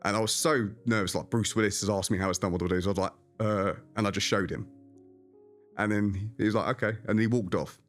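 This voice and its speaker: A low-voiced man from England tells stories from his career in a relaxed interview. He talks in an animated, anecdotal way. Faint music plays softly underneath. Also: fast. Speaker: magician guest. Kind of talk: casual interview storytelling.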